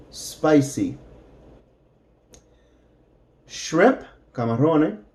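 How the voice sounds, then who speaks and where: A male English teacher giving a lesson for beginners, speaking at an extremely slow, deliberate pace. His voice sits a little higher than most men's. He stretches out each example phrase so that learners can repeat it. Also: lively intonation, a little mellow. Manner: speaks very slowly, drawing out example phrases for repetition.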